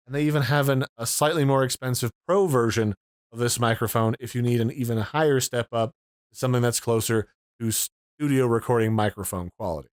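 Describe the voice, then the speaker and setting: A man's voice: mid-range voice, a little fast, no echo, studio quality. A man reviewing and unboxing an audio mixer in a casual, explanatory way. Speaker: tech reviewer.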